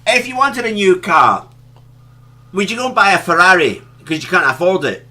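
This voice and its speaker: A man's voice: sits high, very animated, fairly quick, pushed and bright. A man co-hosting a radio talk show, indignantly ranting and pressing his co-host with questions. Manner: indignant, repeats the other host's name.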